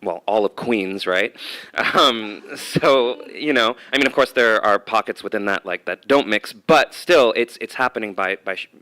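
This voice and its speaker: A man's voice: lowish voice, normal speed, bright, forceful tone. A man from the United States, an actor and dramaturg, speaking thoughtfully on a panel with some hesitations. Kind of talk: reflective panel talk.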